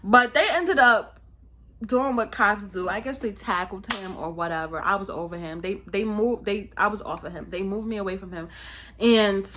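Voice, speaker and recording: A young woman from Brooklyn with a New York accent, telling a story in a lively, slangy, casual vlog style. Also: mid-range voice, moderate pace, slight background noise. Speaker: vlogger.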